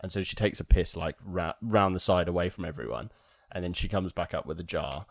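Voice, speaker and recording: A man's voice: deep voice, fairly quick, creaky, dry recording, studio quality. A man co-hosting a casual film review podcast, telling scenes with acted-out quotes and frequent laughter. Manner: animated storytelling, acts out quotes, laughs often. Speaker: podcast co-host.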